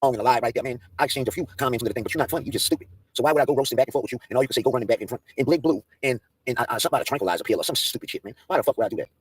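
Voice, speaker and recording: A man's voice: medium pitch, racing, hardly any pauses, slightly rough, dry recording. A man hosting a livestream, ranting in a profane, confrontational way that keeps restarting and repeating itself. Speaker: livestream host. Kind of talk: heated livestream rant.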